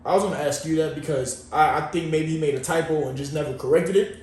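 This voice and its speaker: Chill podcast dude rambling w slang, kinda high voice, super echoey room, sits back from the mic. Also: male voice, quick pace, darkish tone, recorded from a distance, a little hiss or hum. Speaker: podcast co-host. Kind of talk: casual chat.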